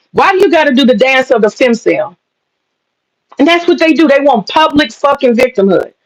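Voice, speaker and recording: A woman's voice: high-pitched, poor audio. A woman hosting a ranting opinion commentary, blunt and profane, firing rhetorical questions. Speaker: commentary channel host.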